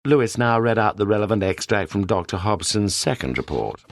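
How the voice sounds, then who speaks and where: A man with a British accent reading a detective story as an audiobook narrator in a steady storytelling manner. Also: fairly low pitch, a little fast, gravelly, dry recording. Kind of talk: scripted narration.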